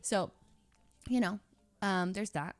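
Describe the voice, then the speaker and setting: A young woman chatting to her stream in an everyday mid-range voice, rambling through a story with lots of fillers and false starts. She stays lively and laughs often. The sound is dry and close, with no room echo. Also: mid-range voice, slow pace. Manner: rambling, many fillers and restarts. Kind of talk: casual story-telling to stream chat.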